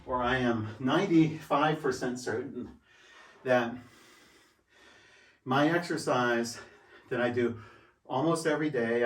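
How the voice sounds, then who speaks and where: A sixty-year-old man, slightly winded, speaks from some distance off the mic in a roomy home space. He drives his points home by repeating them as he shows how things work. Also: mid-range voice. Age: 60s. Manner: emphatic, repeats points, demonstrates while talking. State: out of breath. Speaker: fitness vlogger. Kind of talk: casual vlog talk. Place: room at home.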